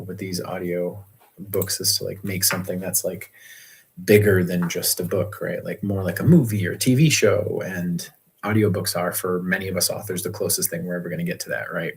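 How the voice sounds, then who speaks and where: A man's voice: low-pitched, husky. A man, an author hosting his own livestream, chatting casually and rambling with lots of restarts about his audiobook.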